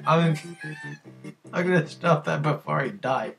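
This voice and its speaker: A woman's voice: deep voice, lively intonation, measured pace, creaky, faint music behind. A woman giving casual, giggly gameplay commentary with self-mocking asides between voices. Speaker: let's player.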